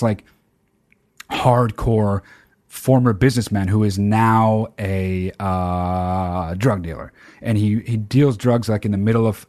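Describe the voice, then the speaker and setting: A man hosting a casual monologue to his viewers, telling a story in a profane, excitable way with sudden loud outbursts. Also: fairly low pitch, dry recording, clean studio sound. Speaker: channel host.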